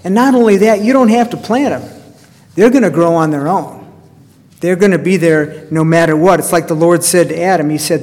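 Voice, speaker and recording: A man's voice: a little high, brisk, darkish tone. A pastor preaching a sermon in a folksy storytelling way, asking his listeners rhetorical questions. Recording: reverberant church hall.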